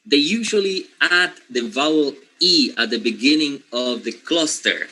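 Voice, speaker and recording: Male lecturer, Spanish first language, bright and forceful, repeats words for emphasis. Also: a little high, animated, measured pace, low-quality recording. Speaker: linguistics teacher. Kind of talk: classroom lecture.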